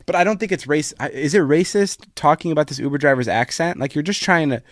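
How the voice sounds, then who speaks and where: Teasing young-sounding podcast host. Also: male voice, fairly high pitch, no echo, clean studio sound. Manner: teasing, quick questions and laughs. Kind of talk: casual chat.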